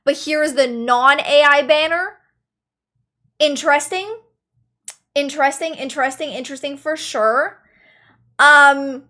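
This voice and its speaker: A woman with a high, light voice talks to her stream chat in a loose, chatty way. She circles back on her own phrases and repeats them for emphasis. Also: sharp tone. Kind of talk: casual stream commentary.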